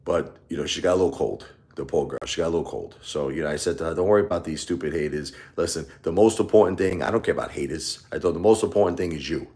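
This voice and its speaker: A man's voice: very deep voice, fast talker, hardly any pauses, darkish tone. A man hosting a casual live stream, talking in a rambling, repetitive way and lashing out at his critics.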